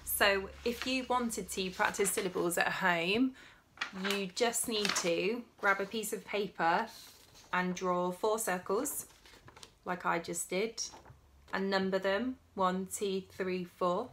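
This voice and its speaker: A woman teaches at an unhurried pace and in a mid-range voice. She sounds out each word deliberately, syllable by syllable, and gently encourages the listener as a speech therapist would. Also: mid-range voice, slight background noise. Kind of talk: slow, clear teaching demonstration.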